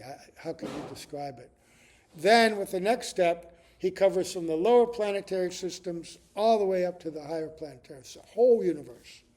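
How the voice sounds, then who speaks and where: An older man giving a spiritual class, retelling a scripture story in an animated way and often checking in with the listeners. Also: on the high side. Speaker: spiritual teacher.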